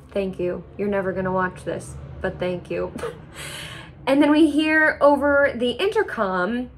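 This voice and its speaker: A young woman vlogger telling a travel story in a casual, animated way, often laughing and acting out what people said. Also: mid-range voice, slight background noise. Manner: animated, laughs often, acts out quoted reactions.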